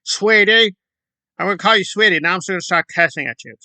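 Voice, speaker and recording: A man putting on a shrill, melodramatic, self-pitying woman to mock her. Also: fast talker, bright, forceful tone, dry recording, full character voice. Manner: shrieking, melodramatic mockery.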